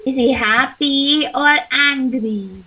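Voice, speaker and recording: This online English lesson comes from a young woman with an Indian English accent who speaks slowly and clearly and performs encouraging examples. Her voice sits high, bright and forceful, though the recording is low quality.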